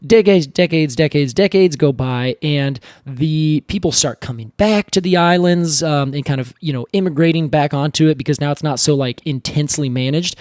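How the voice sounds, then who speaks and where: A man with a fairly high voice co-hosts a podcast, spinning a history tale in a casual, animated way. He slips into quick acted-out voices for the people in his story. The recording is dry and close, with no room sound. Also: no echo. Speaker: podcast co-host. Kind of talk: casual educational chat.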